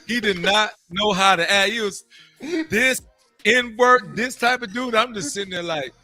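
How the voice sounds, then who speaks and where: Bright-voiced man telling stories. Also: high-pitched, unhurried, soft background music. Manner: animated storytelling, slangy. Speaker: podcast co-host. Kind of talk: casual chat.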